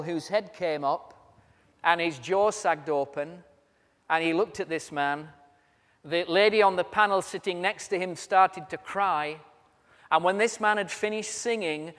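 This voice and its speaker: A British man with a high-pitched, slightly bright voice preaches a sermon at a convention, walking around as he tells humorous stories. The recording comes from a large convention hall and is reverberant.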